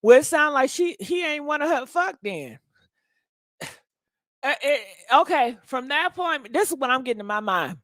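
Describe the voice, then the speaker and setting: A woman with a high, bright voice hosts a casual gossip commentary. She talks in a blunt, sassy way and swears freely. The sound is dry and close to the mic. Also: sing-song, moderate pace, no room sound. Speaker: host.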